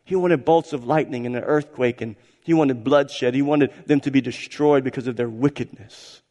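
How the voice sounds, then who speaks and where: Emphatic pastor preaching in a reverberant hall. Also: male voice, mid-range voice, moderate pace. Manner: emphatic, repeats phrases, swings between loud and hushed. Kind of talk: sermon. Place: church sanctuary.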